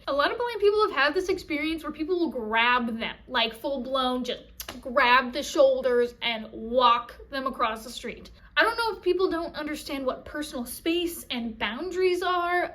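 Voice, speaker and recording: A woman vlogger with a high-pitched voice, ranting casually to the camera. She talks bluntly and sarcastically and sounds fed up. Her delivery is direct and unfiltered. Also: fairly bright tone. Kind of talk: casual vlog rant.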